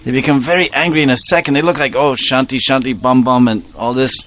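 A man's voice: medium pitch, steady tone, quick pace, fairly bright tone, close to an everyday voice. Man playing a gossipy worried servant woman. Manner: confiding, worried, chatty.

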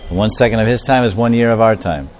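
A male preacher tells a story in a sermon, animated and repeating his points. He acts out the characters as he goes. His voice is fairly low, with faint noise behind it. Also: fast talker.

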